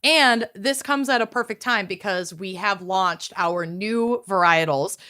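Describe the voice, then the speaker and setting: A woman's voice: mid-range voice, measured pace, pushed and bright. A woman co-hosting a podcast, bubbly and exclamatory, laughing often. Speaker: podcast co-host. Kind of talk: casual chat.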